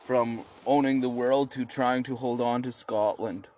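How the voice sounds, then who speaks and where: A man telling history as a rambling, profane comic monologue, acting out quoted voices with sudden high shouts. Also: fairly even intonation, unhurried.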